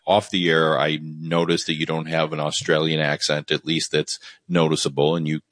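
A man with a Midwestern American accent who hosts the interview, asking his questions haltingly with many restarts. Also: a bass voice, completely flat delivery, fairly bright tone, no room sound, studio quality. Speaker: host. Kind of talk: interview conversation.

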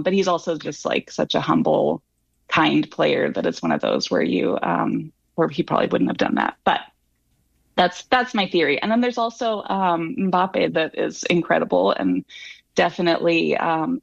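Woman with a gravelly low voice. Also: lively intonation, measured pace, no room sound, dull audio. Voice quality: filler-heavy, rambling. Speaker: panelist. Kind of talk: casual sports chat.

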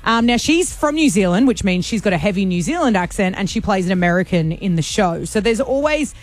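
A woman's voice: mid-range voice, lively intonation, brisk. An Australian woman hosting a radio show, chatty and teasing, laughing easily. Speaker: radio host. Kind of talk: casual radio banter.

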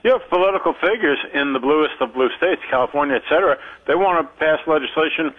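A man co-hosting talk radio, calm and measured as he lays out his views. His voice sounds somewhat muffled, as if coming through a lo-fi line. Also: fairly high pitch. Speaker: radio co-host.

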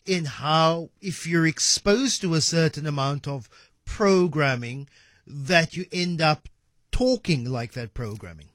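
A South African man hosts a talk radio show, his voice pitched fairly high. He muses conversationally with playful asides, recorded close and dry in a studio. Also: takes it slowly, fairly bright tone, dry recording. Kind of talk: radio interview. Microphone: studio microphone.

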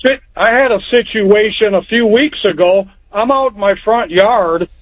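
A man's voice: high voice, normal speed. A man from Texas calling in to a radio show, telling his story in a plain, rambling, hesitant way over the phone. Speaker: caller. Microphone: telephone. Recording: dull phone-line call audio.

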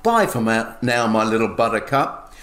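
A man's voice: lowish voice, big pitch swings, fairly bright tone, pitched below the performer's own voice. A man voicing a wife who dismissively brushes off her husband, recorded with a roomy echo. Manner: brisk, offhand, dismissive. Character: brisk departing wife leaving her husband.

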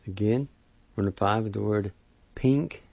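A man slowly teaching the spelling and pronunciation of new words, repeating each syllable with care. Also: on the low side, vocal fry, darkish tone, breathy edge, dry recording. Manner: slow, deliberate, repeats syllables carefully. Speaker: language teacher. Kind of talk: slow spelling and pronunciation lesson. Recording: dull lo-fi sound.

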